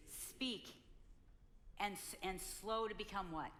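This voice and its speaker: A woman's voice: medium pitch, slow, fairly bright tone. A woman in her sixties speaking at a couples conference, playfully telling her side of a marriage story. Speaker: speaker, pastor's wife.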